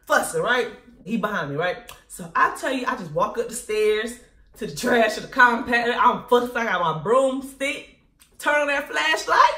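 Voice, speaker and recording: A woman vlogger telling a casual storytime in an animated, slangy way, laughing often. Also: on the high side, moderate pace. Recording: echoey room.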